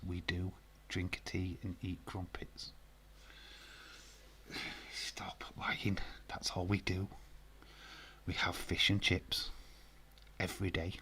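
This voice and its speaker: A low-pitched, bright, forceful male voice with a Yorkshire accent hosts a relaxed, jokey live stream full of fillers and swearing. A little hiss or hum sits under the recording.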